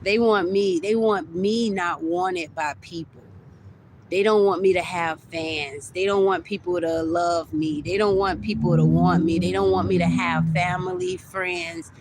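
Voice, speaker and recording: A woman's voice: lowish voice, fairly even intonation, unhurried, noisy background. A young adult woman ranting on a livestream, heated and repetitive, stumbling over her words as she circles back to the same complaints. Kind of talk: livestream rant.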